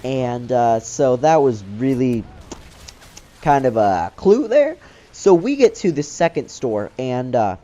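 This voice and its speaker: A man's voice: medium pitch, warm tone, dull audio. Rambling young man telling a story. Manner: rambling, loose, filler-heavy talk. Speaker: gaming channel host. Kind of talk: casual storytelling over gameplay commentary.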